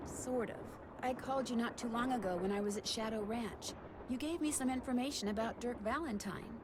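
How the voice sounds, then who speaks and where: A woman's voice: fairly high pitch, a little fast, background noise, lightly acted. An actress voicing a young woman detective in a video game, who asks questions in a polite, curious way. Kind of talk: video game character acting.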